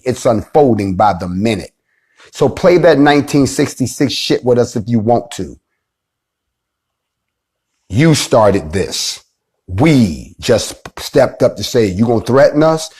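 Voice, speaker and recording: A man hosting a live online show, giving a defiant, preacher-like monologue that swings from slow, low passages to loud, forceful ones. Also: husky. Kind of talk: impassioned live-stream monologue.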